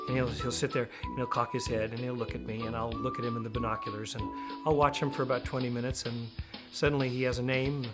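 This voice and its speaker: A man, a children's author and falconer, answering interview questions in a rambling way. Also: medium pitch. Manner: rambling, with many restarts.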